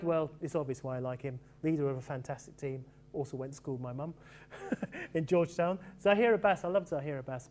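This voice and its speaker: A middle-aged man who grew up in England, telling stories about his sporting heroes in a lively, casual way. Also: fairly high pitch. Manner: animated, quick storytelling with fond asides. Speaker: author reflecting on cricket. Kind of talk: casual reminiscing talk.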